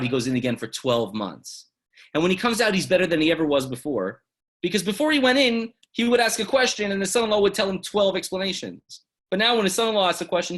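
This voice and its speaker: A rabbi, a man whose voice sits a little high, teaches a lesson through dramatic storytelling. He swings between loud exclamations and hushed asides.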